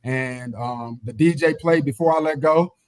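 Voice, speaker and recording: A man guesting on a podcast, telling lively stories, swearing casually and acting out quotes loudly. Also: mid-range voice, normal speed, no room sound. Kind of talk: casual storytelling chat.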